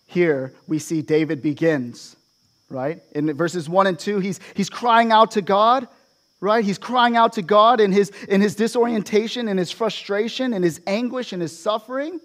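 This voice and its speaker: High-voiced man preaching a sermon. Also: moderate pace, a bit bright. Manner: expository preaching with frequent "right?" asides to the congregation. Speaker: pastor.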